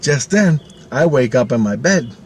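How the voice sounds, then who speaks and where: A man telling a story to camera in a casual, profane, animated way, laughing often. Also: medium pitch, measured pace, a little hiss or hum. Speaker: channel host.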